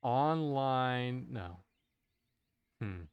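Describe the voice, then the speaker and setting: A man's voice: mid-range voice, animated, extremely slow, smooth, no room sound, highs cut off. A man streaming a game, chatting casually to his viewers, musing aloud in a rambling way and often cutting himself off mid-thought. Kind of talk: casual live-stream chat while gaming.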